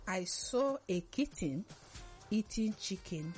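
A woman's voice: medium pitch, animated, slow, darkish tone, soft background music. A woman producer speaking on air in a radio studio, nervous and giggly. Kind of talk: on-air chat and tongue twister.

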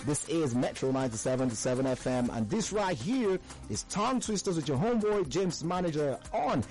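A young man hosts a call-in radio show, full of hype and street slang. His voice sits a bit high and swings widely in pitch, with faint music playing under him in the studio. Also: brisk. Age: young adult. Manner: energetic, hyped, slangy.

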